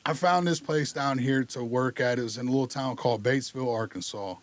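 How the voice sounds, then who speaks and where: A man's voice: mid-range voice, quick pace, dry recording. A man telling his recovery story on a podcast in a candid, casual way. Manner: candid, lively retelling with acted dialogue.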